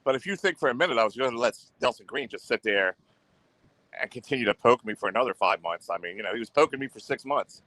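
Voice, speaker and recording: A man's voice: medium pitch, animated, quick pace, bright, forceful tone, no room sound. A man hosting a livestream, talking in a rambling, boastful way and repeating himself. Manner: boastful and repetitive, goes on the offensive. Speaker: livestream host.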